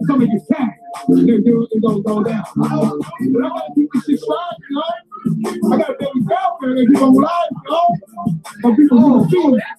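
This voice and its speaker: A man's voice: very high-pitched, expressive, normal speed, low-quality recording. Boastful half-singing man over hip hop. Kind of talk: sing-song freestyle rant. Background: hip hop music.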